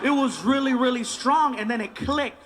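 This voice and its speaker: Male stand-up comic, very high voice, animated storytelling, noisy live recording. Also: moderate pace. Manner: animated, acts out other voices. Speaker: stand-up comedian.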